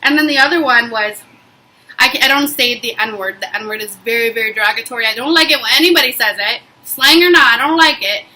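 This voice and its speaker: A woman's voice: a little high, a little fast, slight background noise, poor audio. A young woman vlogging, telling a personal story in a casual, emphatic way with lots of fillers. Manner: emphatic, animated retelling with frequent fillers.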